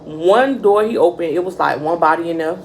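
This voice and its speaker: A young woman vlogger telling a casual storytime, animated and profane, calling her viewers y'all. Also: on the low side, brisk, slight background noise, rough recording.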